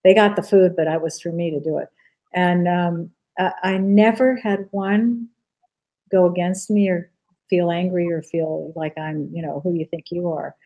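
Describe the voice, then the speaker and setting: A woman's voice: lowish voice, steady tone, a little slow, dark tone, muffled recording. A middle-aged woman, a guest in a casual interview, telling earnest stories with many fillers. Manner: earnest storytelling, frequent fillers.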